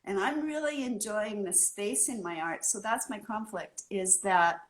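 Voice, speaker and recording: A woman from California, a guest artist in a casual interview, telling her story in an animated way and acting out the scene. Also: medium pitch, unhurried.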